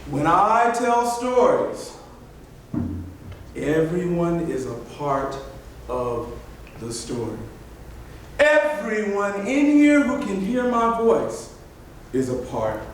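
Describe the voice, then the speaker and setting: A man telling stories live to a group of children, leading them in animated call-and-response. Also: high-pitched, distant mic, slight background noise. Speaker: storyteller. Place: library event room. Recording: echoey room picked up from afar.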